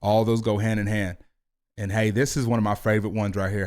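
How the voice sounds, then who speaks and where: A man in his thirties, a youth football coach and podcast host, talking with high energy and an animated, hands-moving delivery. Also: brisk. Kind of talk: motivational podcast talk. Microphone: video podcast mic.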